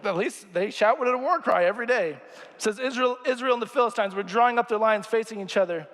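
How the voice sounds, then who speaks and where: Chatty young preacher in a ringing church. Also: male voice, high-pitched, fast talker, a bit bright, long reverb tail. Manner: chatty and jokey, asks the crowd questions. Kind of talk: casual sermon. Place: church sanctuary.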